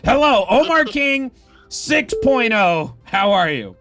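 A man's voice: very high-pitched, sing-song, takes it slowly, over music. A man hosting a morning radio call-in show in the studio, upbeat and announcer-like. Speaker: radio DJ host.

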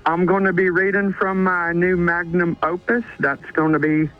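A man calling into a radio show, imitating a rambling, self-important male author in a halting delivery over the phone. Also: high voice, little pitch movement, soft background music, lightly acted. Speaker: radio caller. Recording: dull phone line.

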